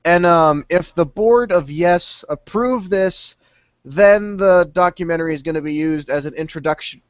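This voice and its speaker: A man's voice: on the high side, clear, resonant tone, no echo, muffled recording. A young man hosting a casual podcast over a call, rambling and peppering his talk with a pet filler word. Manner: rambling, fills speech with "stinking". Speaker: podcast host. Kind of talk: casual chat.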